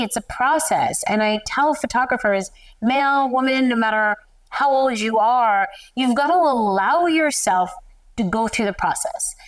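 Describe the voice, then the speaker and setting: A middle-aged woman, a photographer guest, telling personal stories in an animated, emotional way and laughing often. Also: a little high, recorded from a distance. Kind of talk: candid interview storytelling.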